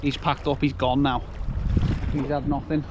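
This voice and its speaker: A man vlogs about fishing from a windy riverbank, talking casually, complaining and teasing himself. He has a mid-range voice with a flat delivery at a moderate pace; the audio sounds dull and is marked by loud wind noise on the mic.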